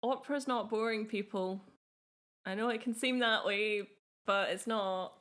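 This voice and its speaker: Unhurried and fairly bright, with a medium-pitched voice, this young woman from Scotland co-hosts a casual podcast chat. She's easygoing and enthusiastic, with frequent laughter.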